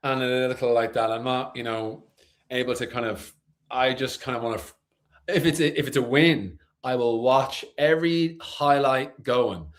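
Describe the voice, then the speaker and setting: A man's voice: medium pitch, normal speed. A man chatting casually as a co-host of a fan show, emotional and rambling, full of restarts.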